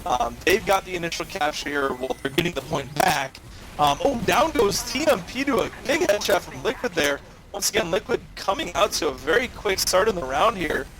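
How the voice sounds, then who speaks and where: A man's voice: high-pitched, normal speed, over music. A man casting a live online game match, calling plays over a headset and joking with his co-caster. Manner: excitable, joking, rises sharply on big plays. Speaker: esports caster. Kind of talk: live play-by-play commentary.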